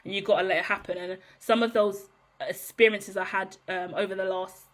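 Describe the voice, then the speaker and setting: A woman's voice: medium pitch, fairly even intonation, brisk. A woman giving a heated, profane monologue to camera as a tarot reader, blunt and ranting.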